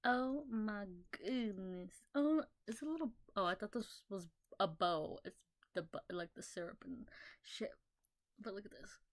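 A woman's voice: medium pitch, animated, normal speed, a bit bright. A young woman chatting in a casual haul video, rambling with lots of fillers and the odd swear word, recorded on a laptop mic at home. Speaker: vlogger.

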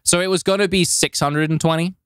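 A man co-hosting a podcast, telling a travel story in a rambling, animated way with lots of filler words. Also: a little high, fairly quick, smooth, dry recording, clean studio sound. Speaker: podcast co-host. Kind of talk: casual storytelling chat.

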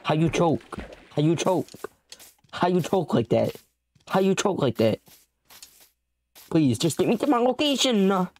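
A man's voice: high-pitched, big pitch swings, measured pace, pauses often, a little mellow, a little hiss or hum. A young man giving let's play commentary, frantic and pleading as he bargains with the creatures in his game. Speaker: gamer.

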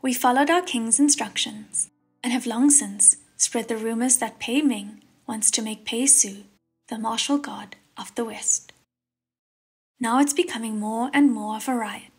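A woman voicing a sly little green ghost minion in an audiobook, eager and tattling, with a husky voice. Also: a little high, full character voice.

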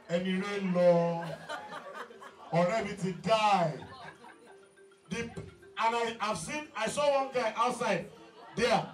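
A Nigerian man with a Nigerian English accent, working as a comic MC at a party and teasing the crowd loudly. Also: very high voice. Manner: joking, loud, teasing the crowd. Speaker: event MC. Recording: echoey hall with crowd, mic far.

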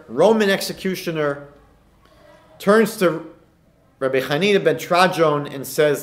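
A man's voice: a little high, unhurried. A man, a rabbi giving a lecture, retelling Talmud stories and asking emphatic rhetorical questions. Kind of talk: recorded lecture.

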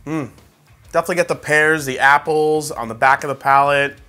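A man talks through a whiskey tasting in a casual, chatty way, full of "like" and "uh" and excited reactions. His voice is bright and forceful and sits a little high for a man. Soft music plays faintly underneath. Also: fairly quick. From New York. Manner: chatty, many fillers like "like" and "uh". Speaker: whiskey reviewer.

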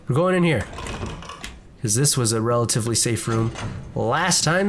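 A man's voice: medium pitch, animated, unhurried, a little hiss or hum. A man giving casual let's-play commentary from his desk at home, jumpy and chatty, talking to the enemies on screen. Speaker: gaming video creator.

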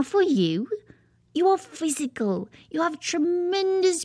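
A woman voicing an eccentric cartoon therapist who speaks in a slow, breathy, drawn-out way. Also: high voice, no room sound, clean studio sound, exaggerated voice. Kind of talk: cartoon voice acting.

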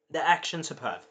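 An animated man chatting through an episode recap with a bright, forceful voice set slightly high. He swears freely and breaks into acted lines and sound effects as he goes. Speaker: show reviewer.

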